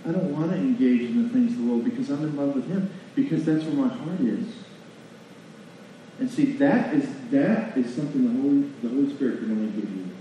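A man preaching a sermon in a church, folksy and animated, asking the congregation questions. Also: mid-range voice, slight background noise. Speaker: pastor. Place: church sanctuary. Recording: distant mic in a very echoey hall, lo-fi.

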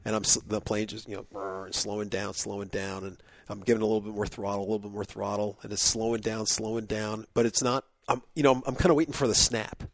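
A man in casual chat with a co-host, telling a story with lively acted-out quotes and plenty of fillers. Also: fairly low pitch, fast talker, hardly any pauses, dry recording. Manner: animated storyteller, acts out quotes.

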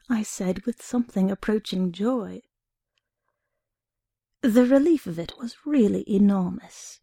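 Gravelly-voiced woman reading a story. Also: mid-range voice, measured pace, long pauses, mellow, dry recording, clean studio sound. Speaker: reader. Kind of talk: reading a short story aloud.

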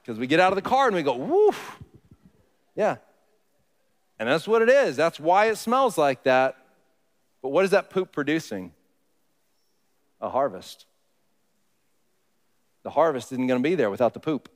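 A man's voice: a little high, sing-song, moderate pace, pauses often. A man preaching a sermon to his congregation in a conversational way, often asking the listeners questions. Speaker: pastor. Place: church sanctuary. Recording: long reverb of a church hall.

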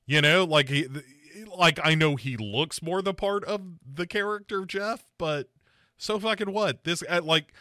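Bright-voiced rambling podcast host man. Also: fairly high pitch, unhurried, hardly any pauses, no room sound, studio quality. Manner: rambling, conversational, heavy with fillers and restarts. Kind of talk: casual podcast movie discussion.

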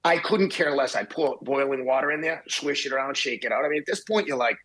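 A man in his fifties, a podcast guest telling a swearing, animated anecdote in casual chat. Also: medium pitch, fast, slightly rough. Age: 50s. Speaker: podcast guest, marathon runner.

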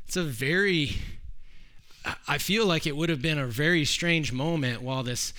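A man's voice: medium pitch, lively intonation, normal speed, pushed and bright. A man preaching a sermon in a conversational way, often restarting his sentences. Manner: conversational, with frequent restarts and acted quotes.

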